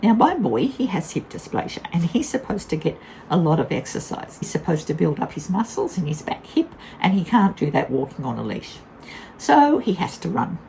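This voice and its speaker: A woman's voice: fairly low pitch, big pitch swings, normal speed, creaky, dark tone, a little hiss or hum, rough recording. An older woman tells a casual vlog story in a blunt, candid way, laughing often. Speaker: vlogger.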